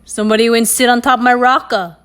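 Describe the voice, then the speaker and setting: Woman doing a gruff papa mongoose. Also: level tone, fairly quick, a bit bright, lightly acted. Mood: grumbling. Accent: Hawaiian Pidgin. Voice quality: deep, gruff.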